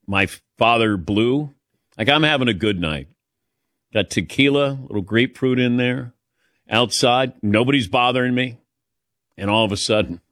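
A man hosting a casual talk show, telling stories with lively delivery and frequent laughs. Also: medium pitch, no room sound, clean studio sound. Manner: storytelling, animated, laughs often. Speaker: sports talk show host. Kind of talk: casual radio show chat.

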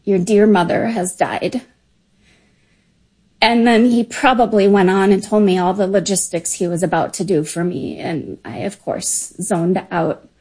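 A woman in her fifties telling a personal memory in a slow, emotional, halting way. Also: mid-range voice, a little mellow, rough recording. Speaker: story contributor. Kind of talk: personal storytelling.

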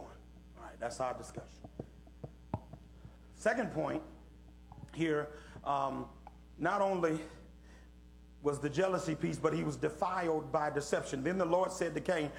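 This Bible study teacher is a middle-aged man whose creaky, high-leaning voice comes through a bit bright. He engages young listeners by asking questions and calling on them, preaching in a folksy manner.

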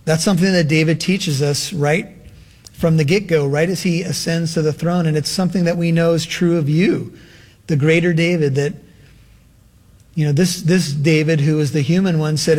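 A male pastor preaching a sermon and leading a prayer in an earnest manner, slowing down for emphasis. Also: fairly high pitch, fairly even intonation, a little mellow.

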